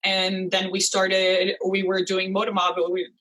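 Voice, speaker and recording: A woman in her thirties answers questions as a podcast guest. Her voice sits at a middle pitch. She speaks conversationally, leaning on "you know" as she goes. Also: monotone, unhurried, fairly bright tone, poor audio. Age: 30s. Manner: conversational, frequent "you know"s and light laughs. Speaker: guest, business founder. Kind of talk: casual interview.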